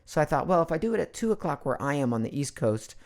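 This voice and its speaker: A man's voice: a little high, very animated, fast, vocal fry. Middle-aged male voice actor, casual livestream host at his home computer, playful and rambling. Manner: chatty and playful, jumps between topics. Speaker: voice actor hosting a live Q&A. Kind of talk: casual live-stream chat.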